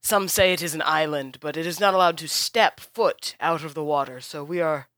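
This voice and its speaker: A game master doing a stern half-orc woman who leads with formal, measured authority. The tone is bright and forceful, and the recording is dry and close. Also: mid-range voice, no echo, close to an everyday voice. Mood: urgent.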